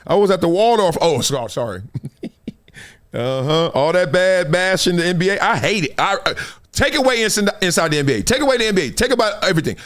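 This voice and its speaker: A man hosting a live sports show with a voice pitched a bit high that swoops up and down as he goes. He tells stories, laughs often and keeps things lively. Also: fast talker. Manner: animated, laughing, storytelling. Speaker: host. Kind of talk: live sports talk stream.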